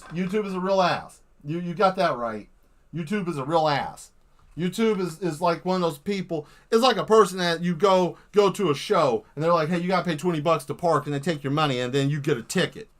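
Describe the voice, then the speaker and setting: A man hosting a live art stream, rambling and joking with lots of swearing while he paints. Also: a little high. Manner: profane, animated, jokey, acts out quick voices.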